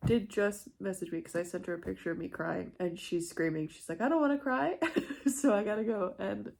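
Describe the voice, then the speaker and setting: A woman's voice: on the low side, normal speed, creaky, darkish tone. A young woman vlogging casually about a book she just finished, emotional and swearing freely, laughing often. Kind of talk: casual vlog chat.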